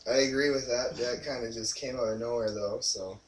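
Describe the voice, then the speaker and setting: Animated man. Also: brisk, slight background noise. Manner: animated, acts out quotes in a loud high voice. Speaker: movie review podcast co-host. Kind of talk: casual chat retelling a movie. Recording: echoey room, far from the mic.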